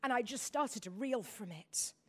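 A woman's voice: a little high, animated, normal speed, slightly rough. A middle-aged woman preaching a sermon, telling a personal story in a rambling, emotional way and calling on the congregation to repeat words.

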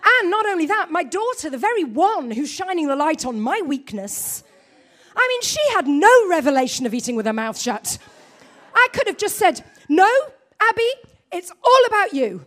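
Woman, preacher, sermon, very high voice, animated storytelling. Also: normal speed. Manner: animated storytelling, self-mocking.

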